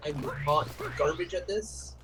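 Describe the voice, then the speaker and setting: A man muttering through a tricky game, cursing and calling himself bad at it. Loud game music nearly buries his voice. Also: fairly high pitch, unhurried. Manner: cursing, self-deprecating while playing. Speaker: speedrunner playing the game. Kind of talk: casual gameplay commentary.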